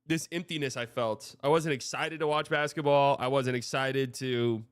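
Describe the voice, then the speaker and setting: A male streamer hosts a live sports show, talking loosely and swearing freely while sentences trail off and restart. His voice sits at an ordinary middle pitch, recorded close and dry with no room echo. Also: fairly even intonation, moderate pace, smooth. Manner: frank, profane, rambling with restarts. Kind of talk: casual live-stream commentary.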